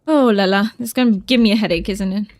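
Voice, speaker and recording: A woman's voice: medium pitch, fast talker, darkish tone, dry recording. A young woman chatting casually while streaming a game, laughing often and making fun of herself.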